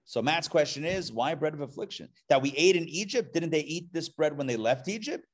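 A man's voice: fairly high pitch, expressive, fairly quick. A male rabbi teaching a live class, joking and drawing questions from the room. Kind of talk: live interactive lesson. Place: classroom before a live audience.

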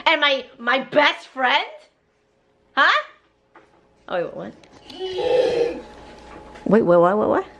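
A young mother from New York chats casually into her handheld camera, teasing and laughing as she goes. Her voice sits a bit high and swings lively up and down. Steady background noise runs under the camera audio. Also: slow pace, pauses often, lo-fi sound. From Queens, New York. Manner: playful, teasing, laughs often. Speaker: vlogger, mother. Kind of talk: casual family vlog chat.

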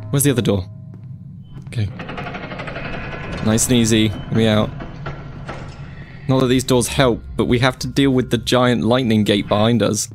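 A man's voice: mid-range voice, fairly even intonation, moderate pace, pauses often, soft background music. A man commentating his own gameplay, chatty and easily spooked, with panicked yelps and repeated phrases when scared. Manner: jumpy, panicky outbursts and yelps. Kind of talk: let's play commentary.

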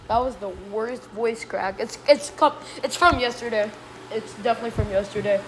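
A woman streaming a game live, chatting casually and breaking into excited yelps when she is chased. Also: fairly high pitch, moderate pace, a little hiss or hum, low-quality recording. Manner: casual, says "bro" a lot. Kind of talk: live gameplay commentary.

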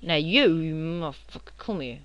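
A young man, rambling and joking as he narrates his own computer game, now and then shouting at enemies. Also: on the high side, lively intonation, a little slow, no echo, highs cut off. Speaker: gamer playing on video. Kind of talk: casual game commentary.

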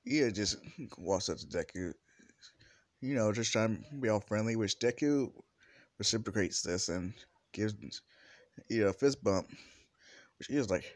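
A man casually retelling a fan story, rambling and animated, cussing now and then. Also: on the low side, a little slow, pauses often, no room sound. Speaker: fan fiction narrator.

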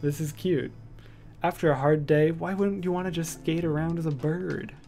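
A man streaming from home in casual chat, rambling with lots of fillers and cooing softly at his cat. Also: fairly high pitch, fairly even intonation, moderate pace, soft background music.

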